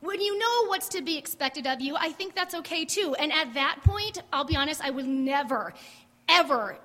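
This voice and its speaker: A woman's voice: sits high, lively intonation, normal speed, pushed and bright. A woman candidly telling her faith story at a church service, chatty and full of "like" asides. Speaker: guest sharing testimony. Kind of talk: casual testimony on church stage. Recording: long hall reverb.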